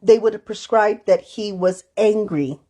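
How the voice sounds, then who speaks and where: Her voice sits in the mid range with a dark tone, and she speaks a little slowly. This counselor co-hosts a podcast in a relaxed, chatty way, sharing stories and performing short lines from clients.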